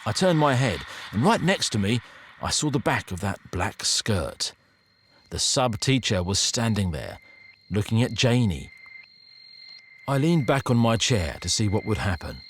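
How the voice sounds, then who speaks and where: A man's voice: on the low side, unhurried, slight background noise. Man narrating a spooky story expressively. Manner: expressive, suspenseful. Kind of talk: scripted first-person story narration.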